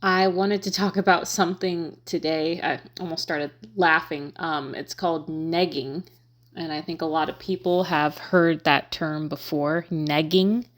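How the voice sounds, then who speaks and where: Woman host, slightly low voice, candid chatty commentary with frequent fillers. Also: fairly even intonation, moderate pace, few pauses. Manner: conversational, many fillers, frank and pointed. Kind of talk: casual commentary to camera.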